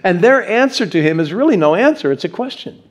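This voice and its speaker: A male pastor giving a sermon, telling stories in an animated way and putting questions to his congregation. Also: high voice, brisk, muffled recording. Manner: animated storyteller, acts out quotes, asks the audience questions. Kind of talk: sermon with personal storytelling.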